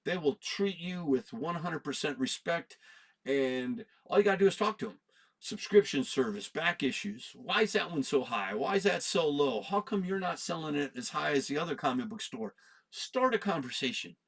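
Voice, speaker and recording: A man's voice: on the high side, moderate pace. A man in his fifties hosting a comic book video, talking in a casual, rambling way with many fillers and restarts. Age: 50s. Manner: rambling, animated, self-interrupting with fillers.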